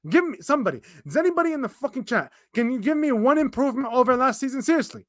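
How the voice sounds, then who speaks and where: Exasperated high-voiced man ranting on a livestream. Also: expressive, dry recording, studio quality. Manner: exasperated, fast ranting with frequent restarts and swearing. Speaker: fan commentator reacting to a live match. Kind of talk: livestream watchalong rant.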